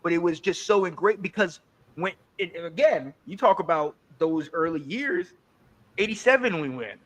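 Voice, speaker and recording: A man in his forties from North Carolina tells animated sports stories in a slightly high voice. He co-hosts a podcast in a loose, casual chat, often stumbling over and repeating words. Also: moderate pace. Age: 40s. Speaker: podcast co-host.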